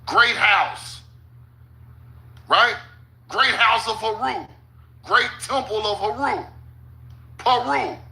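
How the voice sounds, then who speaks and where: A man's voice: sits high, slow, gravelly, pauses often, sharp tone, rough recording. A man giving casual, profane commentary while reading maps aloud, often stopping with "hold on" and laughing at his own points. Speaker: channel host.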